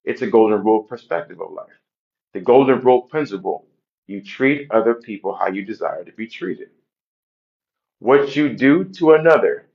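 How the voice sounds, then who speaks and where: A man's voice: medium pitch, far from the mic, highs cut off. A man giving a blunt, profane motivational talk as a wellness coach. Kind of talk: motivational monologue. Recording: roomy, from off the mic.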